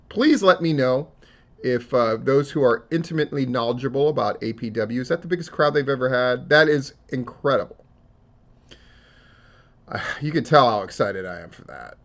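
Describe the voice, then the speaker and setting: A man hosts his own commentary show, swearing freely and wandering from point to point in an emotional, rambling way. His voice sits at an ordinary pitch for a man. The recording sounds somewhat dull and lo-fi. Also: animated, moderate pace, fairly bright tone. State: tearing up. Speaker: wrestling news commentator. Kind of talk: casual solo commentary.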